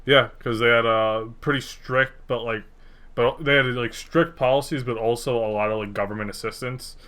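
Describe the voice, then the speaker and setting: A man's voice: medium pitch, steady tone, moderate pace, bright, forceful tone. A young man co-hosting a podcast in a casual, rambling chat, cursing freely. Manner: rambling, laid-back, swears freely. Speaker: podcast co-host.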